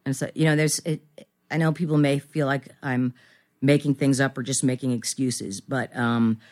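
A woman's voice: rumbling low, steady tone, moderate pace, darkish tone. A woman in her fifties, a guest actress in a casual podcast interview, rambling and self-deprecating with many restarts.

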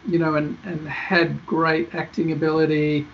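Man rambling as interview guest, gravelly, slightly high, dull lo-fi audio. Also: flat delivery, measured pace, a little hiss or hum. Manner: rambling, many fillers and restarts. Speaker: film director guest. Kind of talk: casual interview chat.

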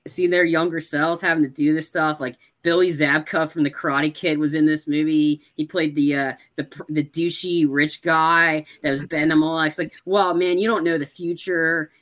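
Bright-voiced young man, animated movie chat. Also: a little high. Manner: animated, acts out scenes in exaggerated voices.

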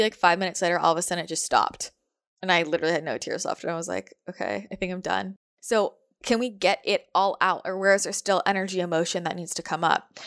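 A woman talks through spiritual advice in a relaxed, chatty way. She leans on fillers and slips in soft laughs. Her pitch sits in the middle of the usual range for a woman. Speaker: spiritual guide. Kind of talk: casual spiritual advice talk.

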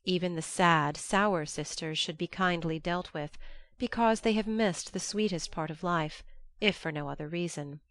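A woman narrating an audiobook in a measured, gently earnest way. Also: on the low side. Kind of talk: audiobook reading.

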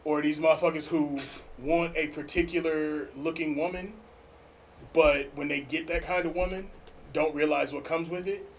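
A man's voice: fairly high pitch, steady tone, normal speed, slight background noise, poor audio. A man co-hosting a casual podcast, giving blunt, profane relationship advice. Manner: blunt, profane, preachy advice with sudden loud laughs. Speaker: podcast co-host.

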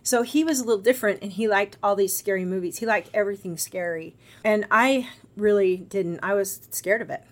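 A middle-aged woman, a guest on a podcast, telling a personal story in a casual, animated way and acting out the other people's lines. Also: mid-range voice, a little fast. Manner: animated, acts out quoted voices.

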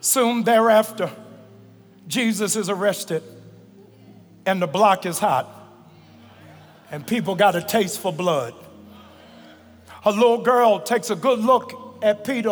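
A man pastor preaching a fervent sermon, stretching and shouting phrases and calling on the congregation to answer. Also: high voice, takes it slowly, long pauses, faint music behind. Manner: colloquial, calls on the congregation to respond. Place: large church sanctuary. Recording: reverberant large hall, live church recording.

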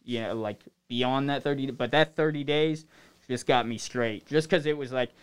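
A man chats casually on a podcast, spinning rambling stories from his past. His voice is smooth and clean, pitched at an ordinary middle height. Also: moderate pace. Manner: loose, rambling storytelling. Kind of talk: casual chat.

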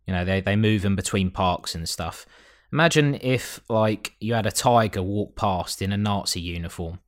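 A man's voice: on the low side, moderate pace. A man co-hosting a podcast, rambling and joking as he recaps a show, swearing freely. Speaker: podcast co-host. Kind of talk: casual chat.

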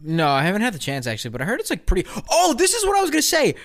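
Rambling young man with a lively voice. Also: racing. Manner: rambling, lots of fillers, bursts of high laughter. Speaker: podcast co-host. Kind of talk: casual chat.

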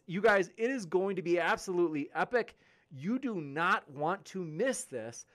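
A young man hosting a livestream, chatting upbeat as he reads out viewer comments and promotes upcoming debates. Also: high voice. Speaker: livestream host and debate moderator. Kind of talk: casual live-chat reading.

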